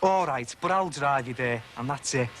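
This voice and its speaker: A man's voice: medium pitch, normal speed, a bit bright, a little hiss or hum, close to an everyday voice. An actor playing a dry-witted, stubborn man. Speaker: friend and business partner. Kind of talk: soap opera acting.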